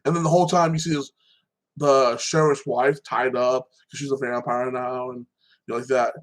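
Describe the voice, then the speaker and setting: A man's voice: medium pitch, level tone, normal speed, rough recording. Rambling man recapping TV shows. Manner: rambling, frequent restarts, keeps adding "like that". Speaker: podcast host. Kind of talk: casual TV show recap.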